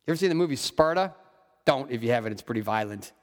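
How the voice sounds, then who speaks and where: A man's voice: medium pitch, animated, fast, in a large hall. A man preaching a sermon, reading scripture aloud and breaking off for wry asides. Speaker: pastor.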